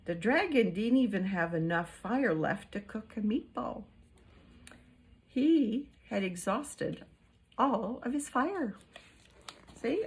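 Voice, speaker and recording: A woman reading a picture book aloud to young children as a storyteller, playful and animated, asking the listeners questions. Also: on the high side, takes it slowly, long pauses, slightly rough.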